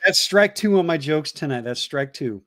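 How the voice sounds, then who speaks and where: A man's voice: a little high, lively intonation, normal speed, a bit bright, dry recording, studio quality. A man co-hosting a casual livestream, reading chat messages aloud with loose jokes and stumbling repeats.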